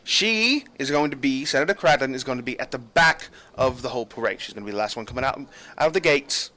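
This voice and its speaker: A man voicing a stern female half-elf guard captain who gives brisk orders in a tabletop game. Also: mid-range voice, lively intonation, pushed and bright, voice pushed up. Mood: commanding.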